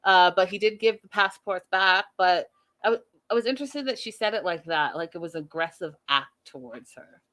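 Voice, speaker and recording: A woman's voice: fairly low pitch, expressive, moderate pace, fairly bright tone. A woman hosting an online reality-show recap, chatting casually to her viewers with lots of fillers and asides. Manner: chatty, addresses viewers as "you guys", many fillers.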